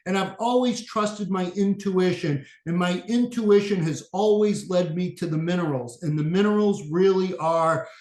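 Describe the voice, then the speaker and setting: A man's voice: high voice, moderate pace, hardly any pauses, a little mellow, roomy sound. A man in his fifties with a Boston accent, a functional medicine practitioner telling his story earnestly as an interview guest. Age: 50s. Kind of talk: interview conversation.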